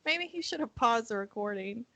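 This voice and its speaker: A woman's voice: a little high, animated, moderate pace, bright, forceful tone, no echo, poor audio. A woman co-hosting a podcast in casual comedic chat, teasing and wisecracking. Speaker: podcast co-host.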